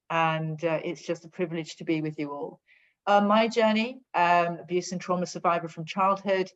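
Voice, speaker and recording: A woman giving a heartfelt, effusive testimonial on a group call. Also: fairly low pitch. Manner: emotional, effusive. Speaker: guest participant. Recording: dull lo-fi call audio.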